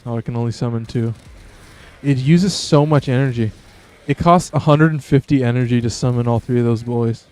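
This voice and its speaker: A man's voice: mid-range voice, fairly even intonation, brisk, a little mellow, smooth. A man giving casual, profane, self-amused commentary while playing a video game. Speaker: gaming streamer.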